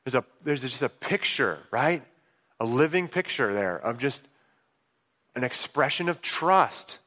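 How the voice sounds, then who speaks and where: A male pastor preaching a conversational sermon, swinging between hushed asides and excited outbursts. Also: mid-range voice, measured pace. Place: church sanctuary. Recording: long reverb of a large hall.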